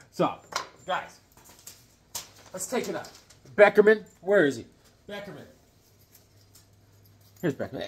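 A man's voice: high-pitched, moderate pace, long pauses. A middle-aged man hosting a casual vlog, rambling and joking as he shows comic books and tells stories. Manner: rambling, jokey, animated, acts out voices. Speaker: comic book collector host.

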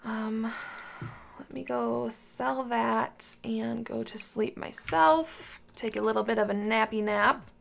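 Slight background noise sits under this woman's slow, slightly high voice, which has fairly even intonation and gravelly vocal fry. As a gaming channel host, she casually narrates a life simulation game and talks to its characters like toddlers, coaxing and scolding them.

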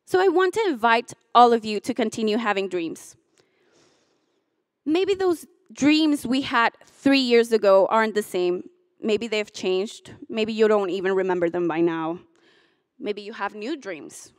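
With an expressive mid-range voice at normal speed, a graduating woman in her twenties speaks at a commencement in a hotel ballroom. Emotional, she chokes up and laughs through her tears, then turns to playful jokes with the crowd. The recording is studio quality, free of room sound.

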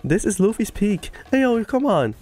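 A woman hosting an anime reaction video, excitable and gushing, breaking into laughter between exclamations. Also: mid-range voice, moderate pace, breathy edge, faint music behind.

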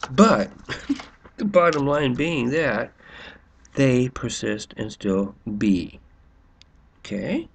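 A man's voice: medium pitch, animated, extremely slow, vocal fry, long pauses, slightly rough. A man rambling through a sarcastic monologue, full of restarts and fillers. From United States. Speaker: vlogger.

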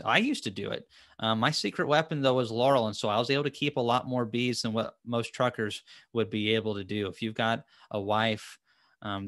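A man's voice: lowish voice, fairly bright tone, no echo, studio quality. A man hosting a casual live-stream chat, rambling and chatty, with lots of fillers and restarts. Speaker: host. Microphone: headphones and desk mic.

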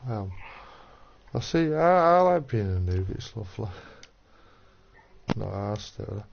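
A man's voice: lowish voice, very animated, unhurried, creaky, a little hiss or hum. A man streaming a game, bantering and teasing his friends over voice chat. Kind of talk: casual chat. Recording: dull lo-fi voice chat.

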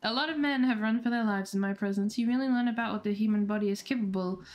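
A woman's voice: medium pitch, quick pace, darkish tone, lightly acted. A woman voicing a shy, grim masked female hatchet killer from a dating game, reading the lines in her own plain voice with no accent.

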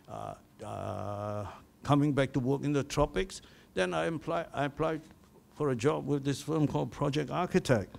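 A man's voice: medium pitch, vocal fry, a little mellow. An older man with a Malaysian English accent, giving an anecdotal award speech and chuckling at his own stories.

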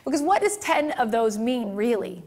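A woman's voice: on the high side, big pitch swings, moderate pace, a little mellow. A middle-aged woman, a photographer, teaching a workshop in a chatty, candid way, telling stories and asking the audience questions. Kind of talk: seminar talk with storytelling.

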